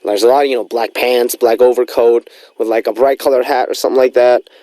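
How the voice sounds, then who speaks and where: A man's voice: medium pitch, fairly even intonation, fairly quick, mellow, no echo. A young man hosting a radio show in a studio, chatting casually and rambling with lots of fillers.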